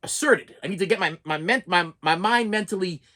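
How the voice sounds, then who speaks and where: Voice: mid-range voice, a little fast, bright, forceful tone. A middle-aged preschool teacher telling a story in a casual rant, exasperated, often repeating words and restarting sentences.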